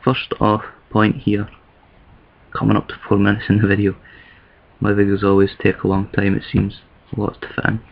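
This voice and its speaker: Talking to camera in a casual vlog, a Scottish-accented man from eastern Scotland thinks aloud, rambling and restarting often. He speaks at a moderate pace in a low-ish monotone with vocal fry, and the highs are cut off in the recording.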